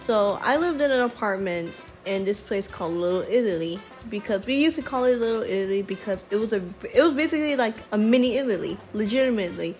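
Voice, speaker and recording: Woman, storytime voice-over, mid pitch, chatty and profane, some stutters, light music bed. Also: expressive, fast talker, hardly any pauses, darkish tone. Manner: rambling, swears freely, sidetracks; stutters at times. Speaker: storytime vlogger. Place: voice-over over a speedpaint video. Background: faint background music.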